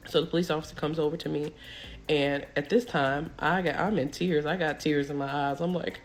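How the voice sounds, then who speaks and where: A woman's voice: deep voice, brisk. A young woman, telling a story casually and acting out the people she quotes.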